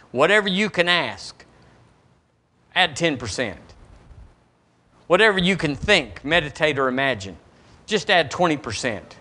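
A pastor, preaching emphatically and reading scripture with lively asides. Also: male voice, on the high side, unhurried, pauses often. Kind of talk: sermon.

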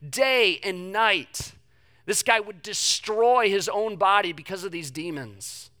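A man's voice: high voice, slow pace, pushed and bright. A man in his thirties preaching a sermon in an emphatic, conversational way, often repeating phrases for effect. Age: 30s. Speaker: pastor.

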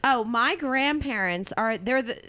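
Bright excitable woman with a Philly accent. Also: a little high, measured pace. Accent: Philadelphia area. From South Jersey. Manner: profane, excitable, lots of gasps and exclamations. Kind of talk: casual chat.

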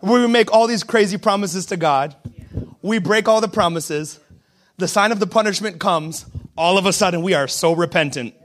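A man's voice: high voice, moderate pace. A man preaching a sermon in a casual, slangy storytelling manner. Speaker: pastor.

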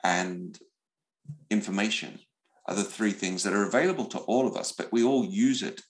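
A middle-aged man speaking as an interview guest, telling stories in an animated way, often repeating words as he goes. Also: fairly low pitch, normal speed, vocal fry, low-quality recording. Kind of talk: conversational storytelling.

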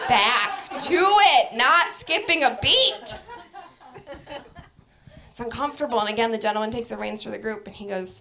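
A woman's voice: fairly high pitch, fairly quick, sharp tone. A young adult woman performing a stand-up comedy set, brash and profane, often laughing through her lines.

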